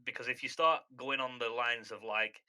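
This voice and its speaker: A man's voice: medium pitch, fairly even intonation, moderate pace, background noise. A man chatting casually on a podcast in an earnest way, often restarting his words. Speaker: podcast guest caster.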